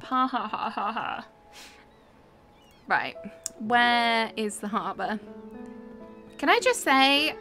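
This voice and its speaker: A woman's voice: fairly high pitch, fairly bright tone. Giggly woman streaming a game. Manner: giggly, chatty, talks to chat while playing. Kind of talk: live game stream chat.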